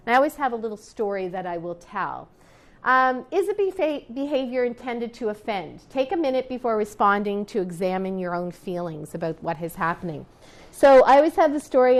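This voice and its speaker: Chatty woman teacher telling a class story. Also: a little high. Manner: chatty, with frequent restarts and asides to the class. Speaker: teacher and etiquette counselor. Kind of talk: classroom talk, storytelling to students.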